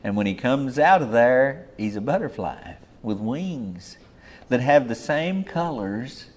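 A man preaching a sermon in a folksy, emphatic way, swinging between loud and hushed lines. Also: mid-range voice, animated, slow pace.

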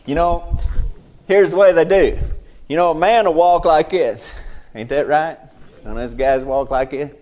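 A middle-aged man preaching a fiery Bible sermon. He drops to low murmurs, then bursts into loud exclamations. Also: fairly even intonation, measured pace, long pauses.

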